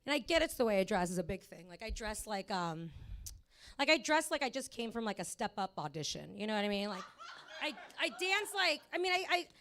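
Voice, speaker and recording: A woman's voice: mid-range voice, very animated, fairly quick, a bit bright. A woman in her thirties doing a rambling, profane stand-up set at a comedy club, full of fillers.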